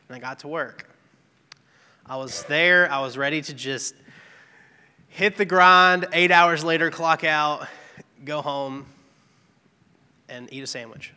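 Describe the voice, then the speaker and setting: A man's voice: fairly high pitch, sharp tone, clean tone. A man giving an earnest, candid devotional testimony, telling a personal story about his work. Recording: long reverb, echoey hall.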